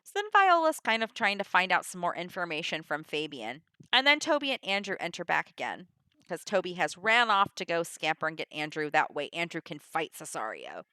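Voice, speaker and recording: A woman walks through a play's plot in a loose, chatty way, leaning on "like" and "you know". Her voice is bright and forward, and the sound is dry and close. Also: on the low side, sing-song, fairly quick, no echo. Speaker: teacher summarizing a play. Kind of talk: casual retelling of a play with readings.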